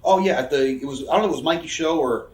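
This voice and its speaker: A man's voice: on the high side, darkish tone, distant mic. A man, a wrestler telling candid, profane stories in an interview. He rambles, swears constantly and fills his talk with fillers. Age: 30s. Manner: profane, rambling, quick talker with frequent fillers. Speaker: interview guest, pro wrestler. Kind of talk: candid casual storytelling. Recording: roomy echo, voice a bit off-mic.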